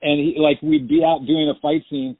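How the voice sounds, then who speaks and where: A man, an actor, telling lively anecdotes and laughing often in a phone interview. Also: fairly high pitch, normal speed, no echo. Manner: chatty storyteller, laughs often. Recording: tinny dry phone line.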